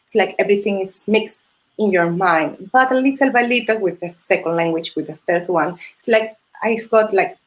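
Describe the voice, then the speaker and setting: A woman with a Spanish accent speaks English as a second language in a relaxed live interview. She talks at a mid pitch, hesitating often with fillers and restarts and laughing easily between phrases. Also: normal speed. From Spain. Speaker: Spanish teacher and holiday host. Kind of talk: casual interview chat. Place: video call or live stream.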